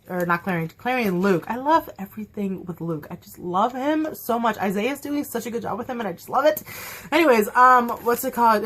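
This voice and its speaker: A woman's voice: on the high side, fairly bright tone. Young woman, fan reviewer, casual and gushing, chatty to-camera delivery with lots of fillers. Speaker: TV episode reviewer.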